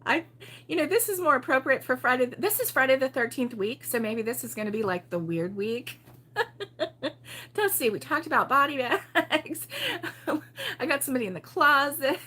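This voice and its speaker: A woman's voice: high voice, animated, normal speed, bright, forceful tone. An older woman from Baltimore hosting a casual crochet livestream, chatty and giggly, rambling with lots of ums. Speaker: crochet show host.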